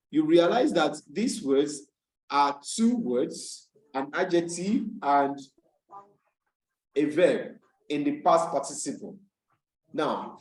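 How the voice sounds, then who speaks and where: A man's voice: high voice, darkish tone. A man teaching an online English class as a tutor, patient and repeating each key point. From Nigeria. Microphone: video call. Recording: roomy video call audio.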